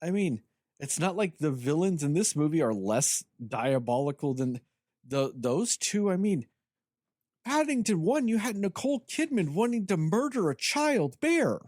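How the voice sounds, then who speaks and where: A man with a slightly high voice speaks a little slowly, recorded at studio quality with no echo. Co-hosting a podcast, he tears into a film during casual review chat, animated, profane and dripping with sarcasm.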